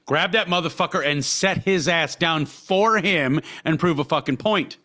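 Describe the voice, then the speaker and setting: A man's voice: fairly high pitch, moderate pace, hardly any pauses, sharp tone. A man co-hosting a podcast, talking in a crude, rambling way with lots of swearing and restarts. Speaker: podcast co-host. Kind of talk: casual crude podcast banter.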